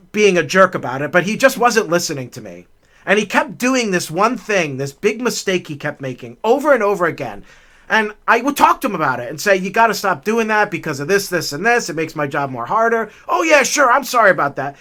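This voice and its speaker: A middle-aged man hosting a hiking vlog, telling a long personal story in a chatty, animated way while out on a forest trail. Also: sits high. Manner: animated, chatty, raises his voice for acted-out quotes. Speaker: vlog host.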